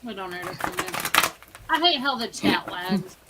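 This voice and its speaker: A woman's voice: medium pitch, lively intonation, unhurried. A woman co-hosting a live radio stream, reacting enthusiastically and relaying chat questions. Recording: noisy live-stream audio.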